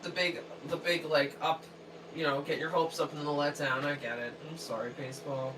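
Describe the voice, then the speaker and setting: A woman co-hosts a hockey livestream, chatting and reading viewer messages aloud in a friendly, sympathetic way. She sits back from the microphone, so her voice sounds distant. Clear background noise runs under everything she says. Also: deep voice, steady tone, a little fast. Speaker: livestream co-host reading chat. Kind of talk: casual hockey watch-along chat. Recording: distant mic with noisy background.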